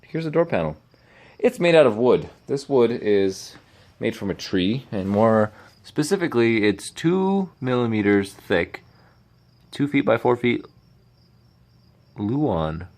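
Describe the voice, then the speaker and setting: A man's voice: medium pitch, sing-song, takes it slowly, pauses often, darkish tone. A man rambling casually in a garage video, with chatty asides and self-mocking jokes. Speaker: classic car restorer. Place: garage workshop at night.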